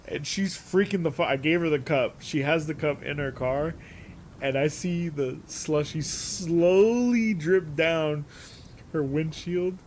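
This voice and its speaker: A man casually telling a story, animated and profane, often breaking into laughter. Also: on the high side, slow pace, slight background noise. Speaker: streamer.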